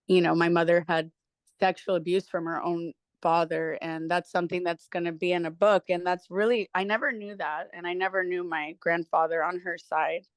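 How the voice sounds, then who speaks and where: A woman guest in a casual interview, a physical therapist who tells stories in a candid, animated way and swears freely. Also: lowish voice, moderate pace, no echo.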